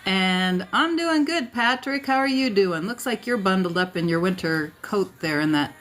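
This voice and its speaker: A woman's voice: medium pitch, expressive, normal speed, a bit bright. A woman from South Dakota hosting a casual livestream, greeting viewers by name and chatting with fillers and asides, a bit tired at the end of the day. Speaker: livestream host. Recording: faint music behind.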